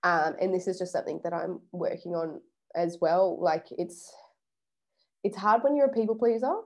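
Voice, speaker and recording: Young woman, vlogger, casual chat, mellow warm voice, swears freely. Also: on the low side, moderate pace. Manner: chatty, swears casually, acts out quotes. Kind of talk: casual self-help vlog.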